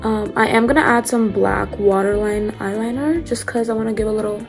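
A woman's voice: mid-range voice, fairly even intonation, brisk, over music. A young woman vlogging her makeup routine in casual, filler-heavy chat. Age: young adult. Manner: chatty, filler-heavy, upbeat. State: slightly losing her voice. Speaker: beauty vlogger. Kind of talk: casual get-ready-with-me chat.

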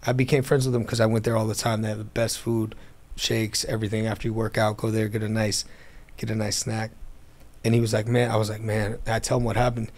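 A man telling his business story in a casual interview, acting out the voices of people in it, recorded in an airplane hangar. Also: lowish voice. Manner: animated, acts out quoted dialogue.

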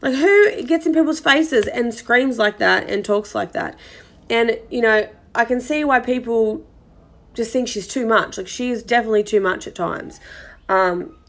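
A woman's voice: on the high side, normal speed. A young woman hosting a podcast, commenting in a chatty, exasperated way with many fillers. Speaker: podcast host. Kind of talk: casual commentary monologue.

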